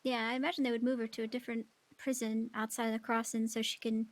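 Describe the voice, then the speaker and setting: Gossipy woman in a roleplay, kinda high voice, dry sound. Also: flat delivery, fast, no room sound. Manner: chatty, gossipy. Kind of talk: in-character casual chat.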